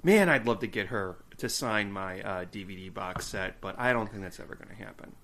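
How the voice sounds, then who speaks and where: A man co-hosting a fan podcast in casual chat, laughing often and pausing on fillers. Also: lowish voice, fairly bright tone, a little hiss or hum. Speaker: podcast co-host.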